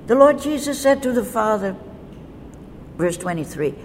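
A woman teaching from the Bible, reading verses in a measured, deliberate way. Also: mid-range voice, animated, darkish tone. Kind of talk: slow scripture teaching. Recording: faint noise with long reverb.

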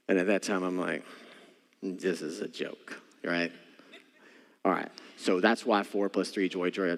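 A man's voice: deep voice, gravelly. A male pastor preaching a sermon, telling a story with animation and speaking straight to his congregation. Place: church sanctuary. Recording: church hall with long reverb.

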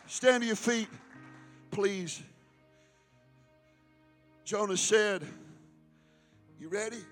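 A man pastor preaching a fiery sermon, often shouting and calling out to the congregation. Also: sits high, extremely slow, soft background music. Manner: shouting, preaching with rising intensity and call-and-response.

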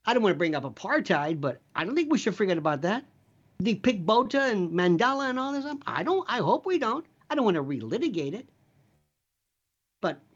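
A man's voice: sits high, lo-fi sound. A middle-aged man, a former prosecutor, talking as a guest in a rambling, emphatic, jokey way that keeps drifting into side stories. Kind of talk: animated conversational storytelling.

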